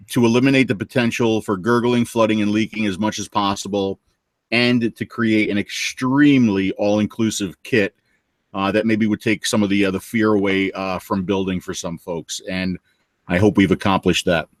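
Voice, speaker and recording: A man co-hosting a casual podcast, speaking haltingly with many fillers and cracking jokes. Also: fairly low pitch, fairly even intonation, no echo. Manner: halting, lots of ums, wisecracking. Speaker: co-host.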